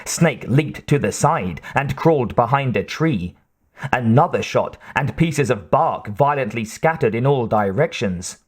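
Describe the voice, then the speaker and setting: A man reading an audiobook in a slow, expressive narrating voice. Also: mid-range voice, breathy edge. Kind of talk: scripted narration.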